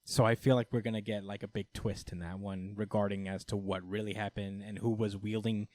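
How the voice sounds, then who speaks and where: A man's voice: fairly low pitch, level tone, fairly quick, darkish tone, no room sound. A man co-hosting a podcast, rambling through a comic recap in loose casual chat full of fillers and laughs. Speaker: podcast co-host.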